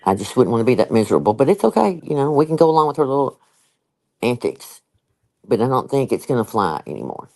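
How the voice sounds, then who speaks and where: An older woman hosts a casual chat. Her pitch rises and falls a lot as she talks. She is emphatic and chatty, full of asides. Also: big pitch swings, fast, gravelly, darkish tone, poor audio. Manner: chatty and emphatic, laughs often, with many asides. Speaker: live-stream host.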